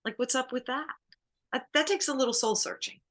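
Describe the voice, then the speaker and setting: A woman divorce coach and private investigator in a conversational interview, animated and quick to laugh. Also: high voice. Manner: animated, laughs often, acts out client quotes.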